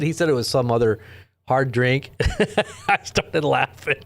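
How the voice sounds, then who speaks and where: This mid-range male voice, a bit slow and showing vocal fry, hosts a late-night news livestream from his own desk microphone. He rambles through stories and chats casually with viewers, reading out their comments.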